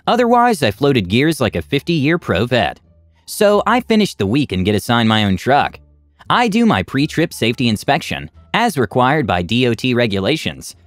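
Animated male reddit story narrator. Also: medium pitch, dry recording. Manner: animated storytelling, reads out character tags.

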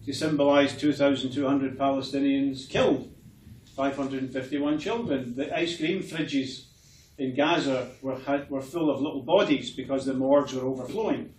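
A man giving an impassioned speech at a political meeting, rising to outraged exclamations. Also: mid-range voice. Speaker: public speaker. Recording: echoey hall, mic from far off, faint noise.

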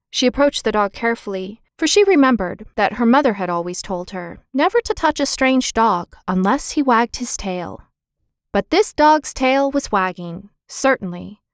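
A woman narrating a children's book in a clear, expressive storytelling manner. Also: fairly high pitch, dry recording, studio quality. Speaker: audiobook narrator.

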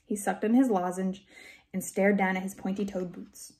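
A woman reads a children's storybook aloud at a gentle, unhurried pace. Her voice is warm and mellow. She speaks at a middle pitch. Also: steady tone. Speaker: reader. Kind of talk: first-person storybook narration.

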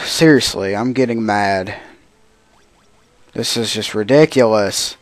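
A man's voice: fairly low pitch, slow, pauses often, no echo. A man giving casual gameplay commentary as a let's play host, grumbling to himself in frustration.

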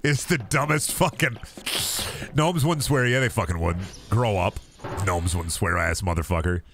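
A man's voice: on the low side, normal speed, music in the background. A man streaming a game, rambling and joking with heavy swearing. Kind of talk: casual stream commentary.

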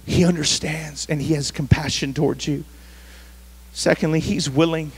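Emphatic preaching man, fairly high voice. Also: steady tone, moderate pace, slightly rough. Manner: emphatic preaching with repeated phrases. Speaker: pastor. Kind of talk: sermon. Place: church service.

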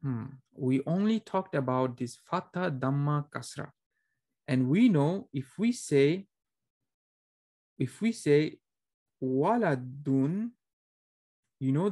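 In a beginner Arabic classroom, a man with a medium-pitched, somewhat dark voice lectures in a casual, conversational way. He frequently restarts and uses fillers, pausing to ask students questions that test their understanding.

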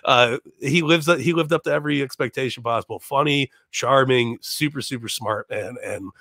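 A man in his thirties from Chicago, a podcast guest telling a story in a casual, animated way, laughing and putting on voices. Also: mid-range voice, moderate pace, gravelly, no room sound, studio quality.

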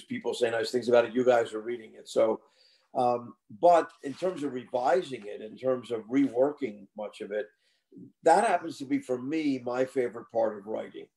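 An older man speaks in a gravelly, darker voice, working through his answers aloud. He often restarts and repeats words as he thinks, in a relaxed conversational interview manner. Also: medium pitch. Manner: thoughtful, self-correcting, repeats words. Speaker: author guest.

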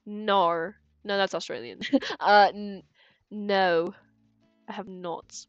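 A woman's voice: mid-range voice, takes it slowly, no room sound, dull audio, soft background music. A woman streamer giving live game commentary in a chatty, giggly way, thinking aloud and stumbling over repeated words.

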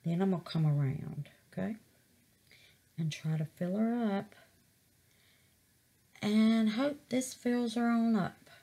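This casual crafting vlog features a middle-aged woman chatting over a resin project, calling viewers babies and exclaiming to the Lord. Her mid-range voice has a dark tone, and she talks slowly with frequent pauses.

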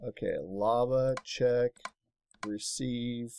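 A man's voice: mid-range voice, drawn-out words, vocal fry, mellow, slight background noise. A man hosting a let's play, talking casually to himself as he builds and getting easily aggravated, recorded in his home office. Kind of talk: casual gameplay commentary.

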